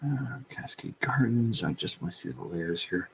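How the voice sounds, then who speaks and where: An older man with a husky voice, telling a meandering, crude story in casual podcast chat. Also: sits low, expressive, normal speed, dull audio, slight background noise. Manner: crude, meandering, many restarts. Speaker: podcast co-host.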